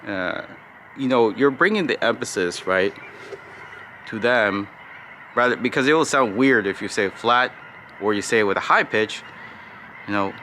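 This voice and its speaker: A man coaching listeners on how to sound on sales calls, in a fairly low but bright, pushing voice. He talks in a mostly flat, unhurried way and keeps checking in with "right?". A faint hum of noise sits behind him. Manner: calls his own default voice flat and slow, demonstrates tones; frequent "right?" and "you know" fillers. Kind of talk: casual spoken tutorial.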